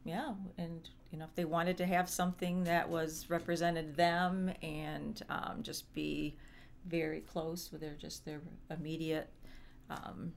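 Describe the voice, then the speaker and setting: A woman's voice: low voice, flat delivery, a little slow, creaky, a little hiss or hum. A middle-aged woman co-hosting a casual chat, rambling and full of fillers. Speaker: co-host.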